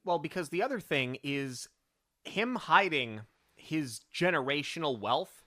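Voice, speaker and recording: Lively bright co-host reviewing a film, incredulous, acts out scenes. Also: mid-range voice, measured pace. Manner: animated, incredulous, quotes scenes in put-on voices. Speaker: podcast co-host. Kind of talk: casual film review chat.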